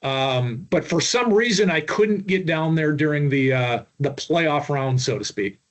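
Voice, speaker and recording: A man's voice: a little high, animated, unhurried. A middle-aged man from Minnesota, a podcast guest telling long stories with lots of restarts and fillers. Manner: rambling anecdotes with many restarts and fillers. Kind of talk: storytelling interview.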